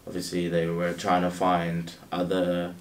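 Deep-voiced young man with a Kiwi accent. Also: monotone, measured pace, echoey room, distant mic. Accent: New Zealand. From Zimbabwe. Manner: laid-back, laughs often, trails off into fillers. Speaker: guest, clothing entrepreneur. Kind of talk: casual interview chat.

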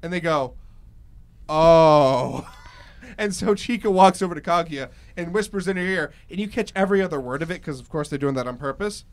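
A man hosting a casual podcast chat, an excitable storyteller who laughs often. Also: high-pitched, quick pace, few pauses. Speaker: host.

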